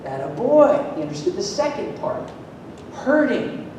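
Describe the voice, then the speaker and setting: A man's voice: moderate pace, muffled recording. Emphatic man speaking in an echoey hall. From Florida. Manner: lively, emphatic, asks the audience questions. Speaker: motivational speaker at a school event. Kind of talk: energetic public talk to an audience. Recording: echoey hall, distant mic, faint rumble.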